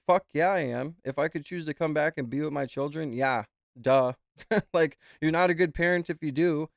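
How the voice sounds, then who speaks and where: A man's voice: a little high, moderate pace, dry recording. Male streamer, loose and profane, talks in circles, dry close mic. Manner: rambling, swears freely. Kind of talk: casual reaction chat.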